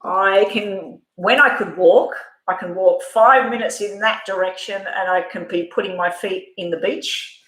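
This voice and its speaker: A woman's voice: medium pitch, unhurried, few pauses, fairly bright tone, echoey room, low-quality recording. A middle-aged Australian woman giving a rambling, frank tarot reading on a live stream. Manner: chatty, rambling, frank with mild swearing. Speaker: tarot reader.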